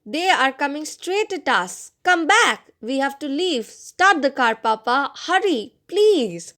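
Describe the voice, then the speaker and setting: A woman's voice: high-pitched, big pitch swings, takes it slowly, a bit bright, voice pushed up, exaggerated voice. A woman voicing an older teenage brother who barks harsh, urgent commands. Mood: urgent shouting. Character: older brother, teen boy, urgent and bossy.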